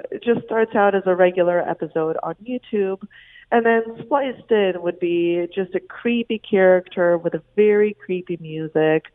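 A woman journalist, a guest on a radio show, explaining a story in a measured way with some ums. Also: on the low side. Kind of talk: phone interview. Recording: phone line.

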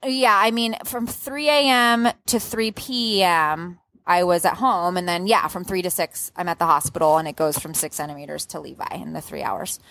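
A young adult woman telling her birth story in a casual, lively way, acting out what she said back then. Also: on the low side, normal speed, gravelly, few pauses. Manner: lively storyteller who acts out her own past outbursts.

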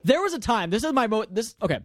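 A man's voice: sits high, sing-song, fast, no echo, clean studio sound. A man in his twenties co-hosting a podcast in casual chat, joking, laughing often and telling stories with quoted voices. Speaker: podcast co-host.

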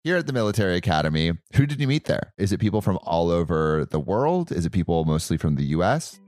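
A man's voice: sits low, very animated, fast talker, a little mellow, dry recording, clean studio sound. A man interviewing a guest, asking short, plain follow-up questions and summing up the answers.

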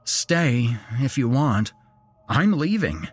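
Brief: shaken young man in a horror audio story, stammering, husky, slow and strained, voiced by a man. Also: medium pitch, sing-song, voice pushed up, full character voice. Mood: urgent. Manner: stammering, forcing words out. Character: shaken young man, first-person narrator hero.

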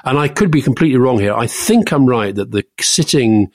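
Man giving measured opinions in chat. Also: medium pitch, expressive, dry recording, studio quality. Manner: measured, stammering restarts, quick to lift into emphasis. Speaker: podcast co-host. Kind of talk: casual political chat.

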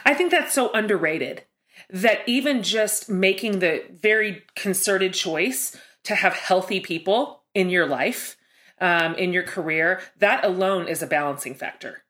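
A woman's voice: fairly low pitch, measured pace, fairly bright tone. A middle-aged woman hosting a podcast, chatting casually and effusively, often self-deprecating. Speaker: podcast host. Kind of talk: casual interview chat.

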